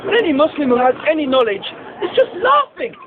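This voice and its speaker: A man's voice: very high voice, very animated, a little fast, background noise. A man preaching in a park to a crowd, mocking and challenging, with a rhetorical "huh?" after his points. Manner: rhetorical, repeatedly asks "huh?". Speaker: street preacher. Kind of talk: open-air debate speech. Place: outdoor park among a crowd. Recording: tinny lo-fi outdoor recording with crowd.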